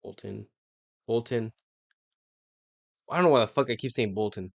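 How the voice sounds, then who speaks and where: In this dry recording, a young man with a creaky, fairly low voice talks at a moderate pace while live-streaming a football quiz. He mutters to himself and curses when a question stumps him.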